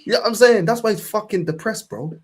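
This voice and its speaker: Young London man, fan-show host, husky, impassioned and profane. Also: sits high, quick pace. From England. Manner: impassioned, swearing, repeats "bro". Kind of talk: casual podcast chat.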